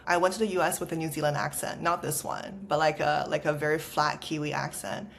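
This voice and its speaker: A woman's voice: deep voice, steady tone, a little fast, creaky, fairly bright tone, a little hiss or hum. A woman in her thirties with a Los Angeles Valley girl accent, a podcast guest chatting casually and scattering "like" through her sentences. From China. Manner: chatty, peppered with "like" fillers. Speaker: podcast guest, startup founder. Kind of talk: casual conversational interview.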